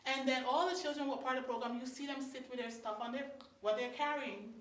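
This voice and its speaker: Guyanese woman storyteller, animated and bright, heard from afar in a roomy hall. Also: high-pitched, fast talker, a little hiss or hum. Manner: animated, acts out scenes, laughs. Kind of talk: live storytelling to an audience. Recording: roomy hall, mic far off.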